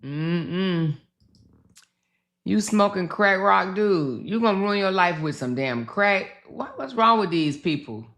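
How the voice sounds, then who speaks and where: Slow, bright-voiced woman livestream host. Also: mid-range voice, expressive. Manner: slow, chatty, swearing, talks to viewers. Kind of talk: casual commentary livestream.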